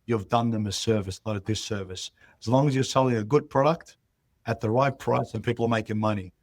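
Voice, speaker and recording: A man, a real estate chief executive, speaks a little fast in a lowish voice while telling interview stories as a guest. He animatedly performs the conversations within them. There's no room sound on the recording.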